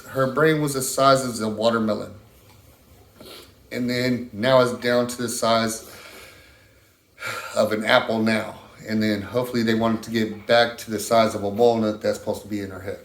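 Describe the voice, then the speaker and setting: A middle-aged man telling a long, halting story in a casual interview, full of restarts. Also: mid-range voice, steady tone, roomy sound. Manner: rambling, halting, many restarts. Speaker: interviewee, husband of a stroke patient.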